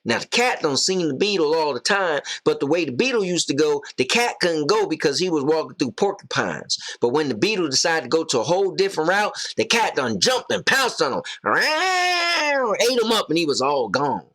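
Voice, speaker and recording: A man's voice: on the high side, very animated, a little fast, hardly any pauses, a bit bright. A man co-hosting a casual show, joking and playfully boasting while he tells a rambling story. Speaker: co-host. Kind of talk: casual chat, joking banter.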